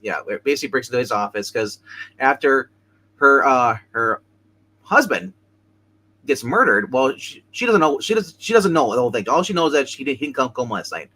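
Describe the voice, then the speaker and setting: A man's voice: mid-range voice, animated, fairly quick, bright, forceful tone, poor audio. A man casually recapping a TV episode as co-host, rambling with many restarts and fillers. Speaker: show co-host.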